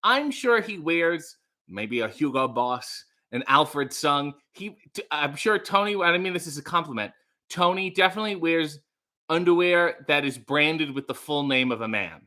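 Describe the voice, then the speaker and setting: Casual male streamer, young, bright slightly high voice, rambling and sarcastic while reading chat. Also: lively intonation, normal speed. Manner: playful, rambling, sarcastic asides. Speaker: livestream host.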